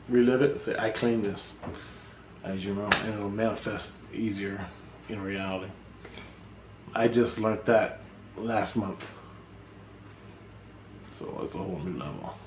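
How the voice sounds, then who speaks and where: A man's voice: on the low side, reverberant, a little hiss or hum. A man giving a casual, rambling video update, talking bluntly and swearing freely. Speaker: spiritual vlogger.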